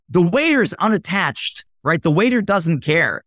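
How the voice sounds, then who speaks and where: A man appearing as a guest on a podcast, explaining sales with animated energy and acting out sample dialogue. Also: high voice, a little slow, few pauses, dry recording, clean studio sound. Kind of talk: podcast interview.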